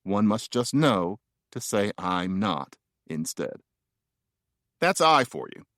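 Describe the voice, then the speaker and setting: A man's voice: lowish voice, big pitch swings, slow, a bit bright, no echo, studio quality. A man reading his own nonfiction audiobook in a wry, playful, conversational way.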